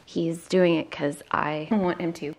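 A woman vlogging at home, cheering on her dogs in excited, high baby talk while suffering a severe migraine. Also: unhurried, vocal fry. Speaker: vlogger and dog owner. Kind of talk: casual home vlog.

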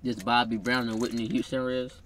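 A man's voice: medium pitch, little pitch movement, a little fast, a little hiss or hum. A young man, teasing his girlfriend in a casual vlog chat. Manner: playful teasing, loud bursts. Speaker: vlogger.

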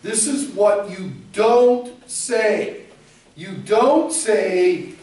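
A man's voice: high voice, extremely slow, darkish tone. A man giving a classroom lecture on ministry, emphatic and speaking directly to his students. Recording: echoey room, mic far off.

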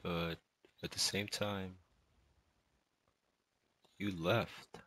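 Husky, low-voiced young man rambling. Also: little pitch movement, pushed and bright, no echo, rough recording. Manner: rambling, halting, full of sighs and fillers. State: distraught. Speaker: student. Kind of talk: emotional spoken monologue to a girlfriend.

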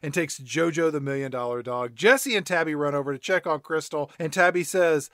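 A man's voice: brisk, a bit bright, no room sound, studio quality. A man co-hosting a podcast, recapping a movie in casual, sarcastic chat, now and then jumping into mocking voices. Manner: sarcastic, slips into falsetto character voices. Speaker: podcast co-host.

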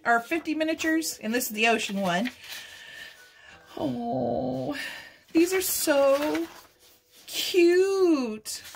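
High-pitched gushing woman. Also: a bit bright, slight background noise. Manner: gushing, coos and giggles. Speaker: craft channel host. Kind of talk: unboxing vlog chat.

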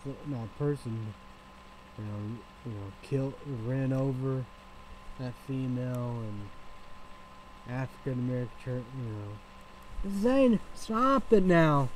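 A man's voice: mid-range voice, fairly even intonation, takes it slowly, long pauses, warm tone, a little hiss or hum, poor audio. Rambling, cursing man vlogging. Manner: rambling, repetitive, with frequent swearing. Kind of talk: casual rambling vlog.

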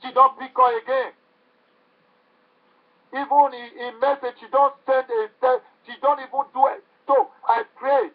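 A man's voice: very high-pitched, little pitch movement, normal speed. A man preaching a sermon with fervent, repetitive exhortation. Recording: tinny phone-like recording.

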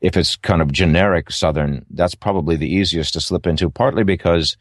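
Very deep-voiced man. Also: fairly quick, dry recording, studio quality. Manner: thoughtful, rambling with many restarts and fillers. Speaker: audiobook narrator. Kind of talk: interview answers.

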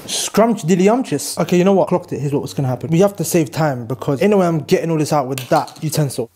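Fast-talking young guy vlogging. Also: on the high side, lively intonation, warm tone, slightly rough. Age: young adult. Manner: jokey, talks nonstop to viewers. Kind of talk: casual rambling vlog chat. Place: home kitchen.

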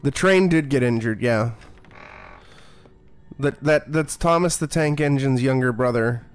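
A man's voice: mid-range voice, a little slow, clear, resonant tone, soft background music. A man streaming a horror game, talking in a casual, profane, sarcastic way and playing up being scared. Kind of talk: casual gameplay commentary.

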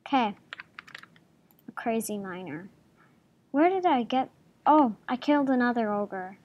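A woman's voice: fairly high pitch, expressive, unhurried, highs cut off. A woman hosting a gaming channel, giving playful, giggly gameplay commentary at her home computer and chatting to the game's creatures.

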